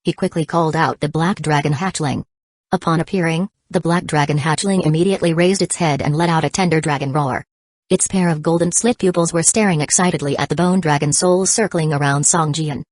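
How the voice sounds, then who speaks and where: A woman narrating a fantasy novel audiobook in an even, unhurried reading. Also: deep voice, no room sound. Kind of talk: scripted narration.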